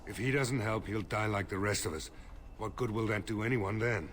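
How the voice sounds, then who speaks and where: An actor playing a blunt, weary village mayor in a fantasy video game. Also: male voice, lowish voice, fairly even intonation, moderate pace, background noise, natural voice. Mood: grim. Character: grim weary middle-aged male village mayor.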